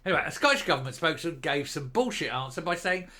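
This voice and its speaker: A man's voice: fairly high pitch, animated, fast talker, sharp tone. An older man giving an indignant, sarcastic political rant, blunt and crude. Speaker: political commentator. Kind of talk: ranting online commentary.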